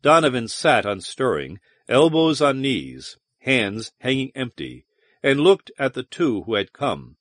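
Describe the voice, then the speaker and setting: Man reading an audiobook, lively expressive pitch, dry close mic. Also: a little slow, no room sound. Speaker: audiobook narrator. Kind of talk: scripted narration.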